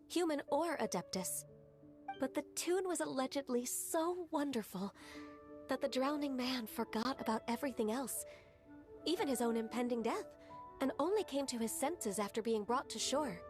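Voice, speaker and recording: An actress playing a gentle, shy young woman who speaks softly and hesitantly, with little pauses. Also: sits high. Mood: earnest. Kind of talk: game voice acting.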